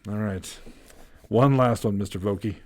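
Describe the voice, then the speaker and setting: Very deep-voiced easygoing podcast host. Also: male voice, normal speed, a little mellow, slight background noise. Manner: easygoing, joking banter. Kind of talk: casual chat.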